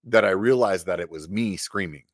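A middle-aged man telling a story casually on a podcast, animated, with lots of filler words and cursing. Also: low voice, moderate pace, no room sound, studio quality. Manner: animated, swearing, many "like" fillers. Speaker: podcast guest.

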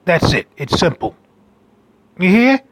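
A man telling a rambling story about a date in a brash, casual monologue with loud asides. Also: sits high, very animated, unhurried, no room sound. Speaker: dating storyteller.

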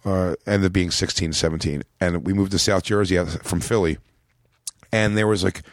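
A comedian in his late thirties from Philadelphia talks through a long story, lurching between voices for the people in it. His voice sits a little low, and the recording is dry and close. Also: moderate pace, no room sound. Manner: rambling, animated storyteller acting out quotes. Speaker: comedian guest. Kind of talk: casual storytelling chat.

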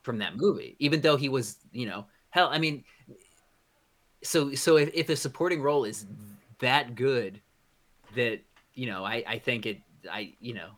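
A man with a medium-pitched, slightly bright voice co-hosts a podcast at normal speed. He chats casually and rambles bluntly, restarting his sentences often.

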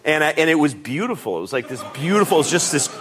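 Animated man telling a comic story. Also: a little high, fast, a little hiss or hum. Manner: animated, acts out voices and quotes, laughs often.

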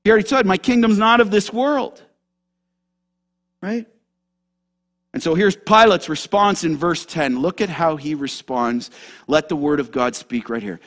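A man pastor preaching a sermon to a congregation, animated and direct, moving between loud emphasis and hushed asides. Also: on the high side, unhurried, pauses often. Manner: animated, talks straight to the congregation.

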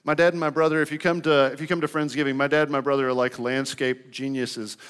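A man's voice: on the high side, flat delivery, fast talker, a bit bright, clear, resonant tone. A young man preaching a sermon in a loose, conversational way, often saying "like". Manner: conversational, lots of "like" fillers. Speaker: pastor.

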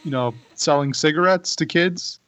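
A man co-hosting a casual chat, talking haltingly and stumbling over his words. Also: a little high, a bit bright, no room sound. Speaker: co-host. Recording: dull, dry recording.

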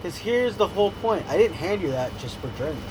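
A man in casual chat, teasing his friends with loud, profane banter. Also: sits high, sing-song, fairly quick, very noisy.

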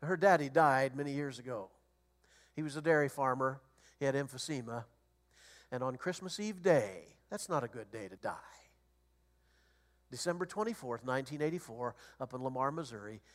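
A middle-aged or older man preaching a sermon as a guest preacher, animated and storytelling, rising to loud emphasis. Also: mid-range voice, moderate pace, pauses often.

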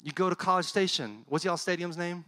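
A middle-aged male pastor preaches a sermon in a conversational, animated style, speaking a little fast and dropping to a soft, low voice for heartfelt points. There is no echo.

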